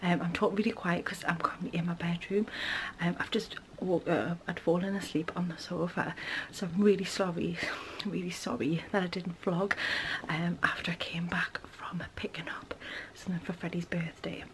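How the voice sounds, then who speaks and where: A woman with a Geordie accent in a whispered late-night vlog from her bedroom, hushed so as not to wake her child. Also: on the low side, level tone, normal speed, few pauses, slight background noise.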